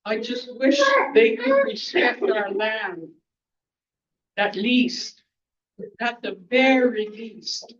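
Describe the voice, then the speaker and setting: A woman speaks at a community gathering in a blunt, angry, outspoken way, talking slowly and stopping often to hunt for the right word. She is heard from some distance, and the recording sounds dull and low-fidelity. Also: big pitch swings. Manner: halting, searching for words. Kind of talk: impromptu public speech. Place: community event hall.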